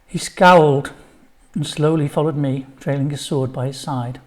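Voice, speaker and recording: Older man, storybook reader, slightly higher voice, chatty asides. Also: moderate pace. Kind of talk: reading his own children's story.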